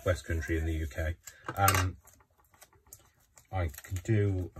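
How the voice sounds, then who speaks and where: A man with a very deep voice chats casually while he crafts. He rambles and fills his talk with ums and restarts. A faint noise sits behind him. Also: fairly even intonation, takes it slowly, pauses often. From Coventry, England. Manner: rambling, chatty, many fillers. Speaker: craft vlogger.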